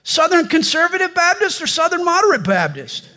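A man voicing an eager, excitable man on a bridge in a told joke, shouting happily. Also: very high voice, normal speed, voice pushed up, heavily acted. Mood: excited.

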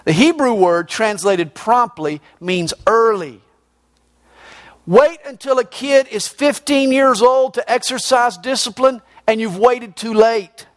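High-voiced preacher. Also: male voice, takes it slowly. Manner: emphatic preaching, swings between loud and low. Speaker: pastor. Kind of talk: sermon.

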